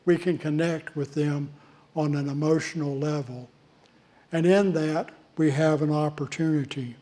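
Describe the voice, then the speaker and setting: Male pastor, unhurried sermon delivery with deliberate pauses, warm and soft timbre. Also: on the high side, steady tone. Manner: measured preaching with deliberate pauses. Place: church.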